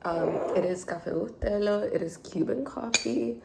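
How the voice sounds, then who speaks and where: A woman's voice: mid-range voice, normal speed, vocal fry, noisy background. A tired, hungover woman in her twenties chatting casually while she makes coffee at home, rambling with lots of fillers and self-corrections. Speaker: vlogger. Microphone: phone held low.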